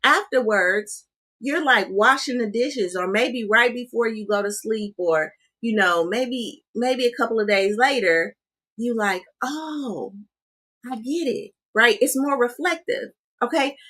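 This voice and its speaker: A woman's voice: on the high side, a little slow, pushed and bright. A woman giving a live-streamed coaching talk, chatting with her audience, often asking "right?" and calling them "you guys" and "honey.". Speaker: life coach.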